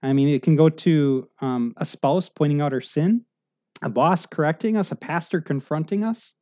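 A man preaching a conversational sermon, rambling and animated, full of asides and restarts. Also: fairly high pitch, normal speed. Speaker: pastor. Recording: muffled lo-fi recording.

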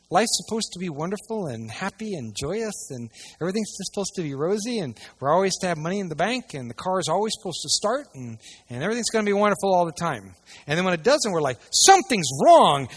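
A man preaching a sermon to a church audience, swinging between hushed asides and loud, emphatic passages. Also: high voice, slightly rough. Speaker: pastor.

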